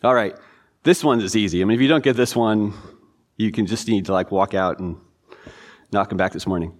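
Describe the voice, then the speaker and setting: A man teaching a church Bible class in a relaxed, informal way, reading verses and quizzing listeners. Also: fairly low pitch, fairly quick. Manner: informal, chatty, quizzing the audience. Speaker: pastor.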